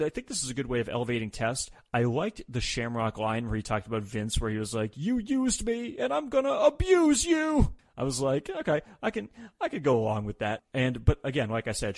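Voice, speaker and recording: A man's voice: mid-range voice, no room sound. A man hosting a podcast, recapping in a casual, jokey way and quoting people in voices. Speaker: podcast host.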